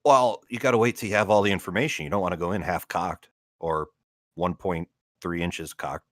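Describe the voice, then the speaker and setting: Deep-voiced deadpan joking man. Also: a little fast, dry recording. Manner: dry, deadpan jokes. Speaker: stream co-host. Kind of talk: casual livestream banter.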